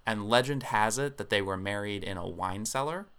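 A man's voice: lowish voice, normal speed, a bit bright, clean tone. A man co-hosting a podcast, explaining at length in casual chat with frequent ums. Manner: explanatory, many filler ums. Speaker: podcast co-host.

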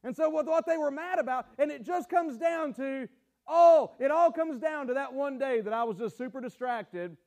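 A man's voice: extremely high pitch, moderate pace, darkish tone. A man preaching a sermon as pastor, telling folksy stories and acting out the voices of the people in them. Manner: folksy storytelling, acts out quoted voices.

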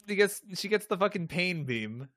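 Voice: mid-range voice, animated, normal speed, fairly bright tone, no room sound. A podcast co-host in casual recap chat, joking, teasing and laughing a lot.

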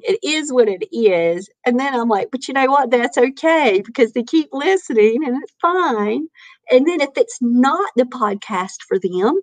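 Woman, author and podcaster, casual chat, animated, a bit preachy, fairly high voice, dry close sound. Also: no echo. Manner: animated, acts out her own past quotes; preaching, faith-filled encouragement.

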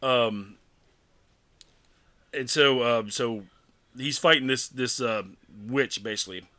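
Bright-voiced man rambling through a film recap. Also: medium pitch, slow. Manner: rambling, animated retelling with acted-out quotes. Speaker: podcast co-host. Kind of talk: casual chat recapping a film.

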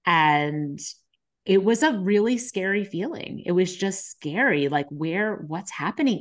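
A woman's voice: medium pitch, lively intonation, takes it slowly. A woman, a nurse and podcast co-host, telling her own story in an open, reflective way. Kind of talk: candid conversation.

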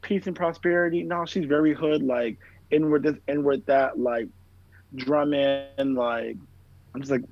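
A man's voice: a little high, fairly even intonation, unhurried. A man in casual chat, telling stories in a rambling way, heavy on fillers and swearing. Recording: dull lo-fi sound, dry room.

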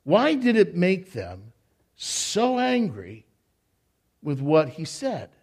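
Slow-speaking, fairly high-voiced preacher man. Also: husky. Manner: animated preaching with many word repeats; joking asides to the congregation. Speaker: pastor. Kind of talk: sermon. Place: church before a congregation.

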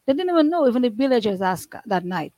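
A woman's voice: on the high side, sing-song, fast, warm tone, dry recording, low-quality recording. Earnest woman recounting a hard past. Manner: earnest, rambling, with frequent restarts and nonstandard grammar. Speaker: guest sharing her life story. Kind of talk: emotional personal testimony.

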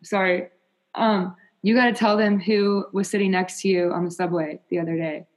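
A young woman talks in a relaxed guest chat, stopping and starting with "um" and "like." Her voice sits at a middle pitch, plain and unforced. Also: normal speed. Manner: chatty, hesitant, many "um" and "like". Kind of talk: casual chat.

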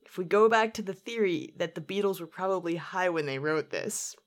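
A woman's voice: on the low side, fairly quick. A woman co-hosting a podcast in casual chat, musing and amused as she theorizes aloud. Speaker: podcast co-host.

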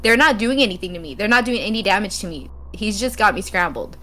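A woman co-hosting a gaming talk stream, telling stories in an animated casual way and laughing often. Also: mid-range voice, quick pace, a little hiss or hum. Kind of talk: casual chat, storytelling.

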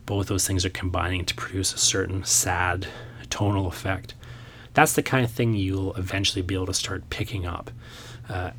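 A man's voice: low-pitched, a bit bright, slight background noise. A man hosting a podcast, talking through a point about poetry in a thoughtful, rambling way with many fillers. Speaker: podcast host and poet. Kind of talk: casual instructional podcast talk.

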